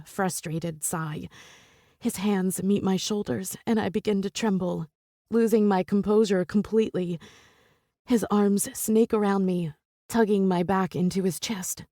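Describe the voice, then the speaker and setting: A woman's voice: medium pitch, fairly even intonation, measured pace, mellow, no echo, studio quality. A woman narrating a first-person romance audiobook with intense, emotional delivery.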